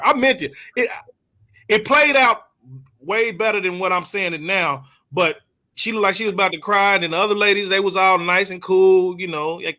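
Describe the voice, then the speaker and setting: High, bright-voiced animated storyteller man. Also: fairly quick. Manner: animated storyteller, laughs often, searches for words. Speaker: co-host. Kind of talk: casual chat.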